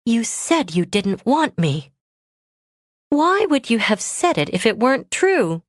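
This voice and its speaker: A woman's voice: a little high, sing-song, slow, no room sound, clean studio sound, voice pushed up. A woman voicing a hurt, defiant young woman in a romance audiobook, speaking in a raised, pained, accusing tone. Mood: bewildered.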